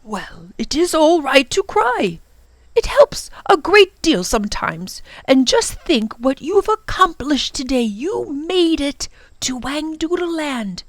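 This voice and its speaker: A woman reading a storybook aloud, voicing a wise, kind older professor who reassures the children in a lively way. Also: high voice, slow pace, no echo, voice pushed up, full character voice. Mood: reassuring.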